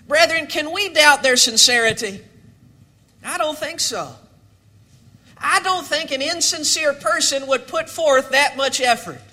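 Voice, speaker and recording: Man, preacher, dramatic sermon delivery, unhurried pace, sharp tone. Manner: dramatic, rising to shouts then dropping low.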